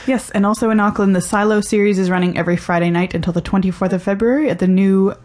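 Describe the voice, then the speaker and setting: A woman's voice: mid-range voice, fairly even intonation, fast talker, darkish tone. A woman with a Canadian accent co-hosting a film podcast, reading out reviews with a dry, wry delivery. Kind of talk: casual chat and read review.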